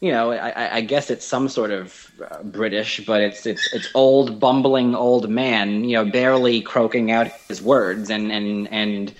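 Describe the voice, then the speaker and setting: A man's voice: on the low side, fairly even intonation, measured pace, few pauses, poor audio. A man co-hosting a casual podcast, talking about film performances in an enthusiastic, rambling way with many fillers. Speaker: podcast co-host.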